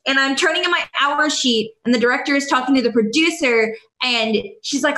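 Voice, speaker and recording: A woman with a bright, forceful, slightly high voice tells a story on a panel and acts out the lines of the people in it. Her voice rings in an echoey room, and her delivery is lively and animated. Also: normal speed, hardly any pauses. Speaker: voice actress and director. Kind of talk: casual anecdote.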